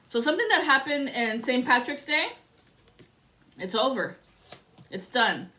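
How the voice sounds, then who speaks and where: A woman doing a casual tarot reading, telling a story in a rambling, excitable way and swearing often. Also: sits high, measured pace, pauses often. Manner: rambling and profane. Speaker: tarot reader.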